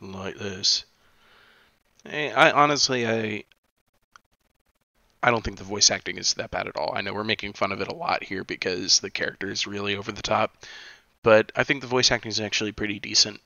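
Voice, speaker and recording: A man's voice: fairly low pitch, steady tone, a little fast, gravelly, pushed and bright, no room sound, highs cut off. A man streaming a video game, making sarcastic, joking commentary and laughing often. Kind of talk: gameplay commentary.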